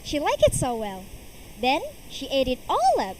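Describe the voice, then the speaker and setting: A woman's voice: sits high, slight background noise, poor audio. A young woman, performing a fairy tale as a storytelling contestant at a school competition. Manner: slow, expressive storyteller's delivery.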